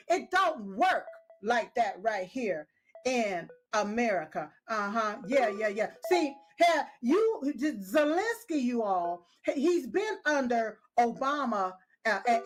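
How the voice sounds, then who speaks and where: Emphatic high-voiced woman commentator. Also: lively intonation, slow pace, faint music behind. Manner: emphatic, repeats herself with "yes, yes" and "uh-huh"; scolding, talks straight at the people she criticizes. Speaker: political commentator. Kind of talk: casual opinionated commentary.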